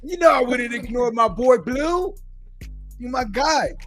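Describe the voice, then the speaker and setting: Brief: New York podcast host, high bright voice, faint music underneath. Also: male voice, unhurried. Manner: animated storytelling, loud outbursts and laughs. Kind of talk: casual chat.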